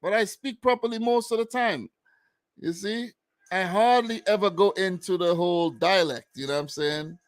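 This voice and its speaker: A Vincentian man talks football in a relaxed, slangy way, sometimes drifting into island dialect. His voice sits a little higher than most men's. The sound is dry and close. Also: moderate pace, dry recording. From Saint Vincent. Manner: laid-back, slangy, slips into island dialect. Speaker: co-host. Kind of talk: casual football chat.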